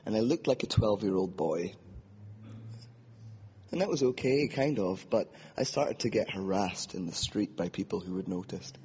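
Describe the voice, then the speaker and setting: A man's voice: lowish voice, moderate pace, darkish tone, a little hiss or hum. A man preaching from a podium, giving an earnest and reflective personal testimony and acting out the inner voices in his story. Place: hall with podium. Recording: long hall reverb, dull lo-fi.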